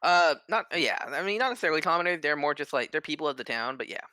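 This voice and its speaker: A man's voice: on the high side, expressive, quick pace, bright, forceful tone, dry recording. A man narrating as game master in a casual, rambling way.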